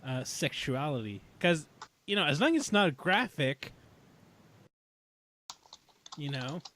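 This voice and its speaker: Lively, slow-talking man co-hosting. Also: a little high, slight background noise. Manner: animated, laughs often, thinks aloud. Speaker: podcast co-host. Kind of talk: casual chat.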